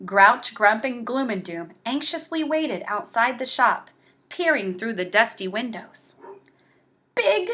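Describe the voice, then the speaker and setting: Slow, lively woman reading a storybook. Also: fairly high pitch. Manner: slow, expressive read-aloud. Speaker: storybook reader. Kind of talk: reading a picture book aloud.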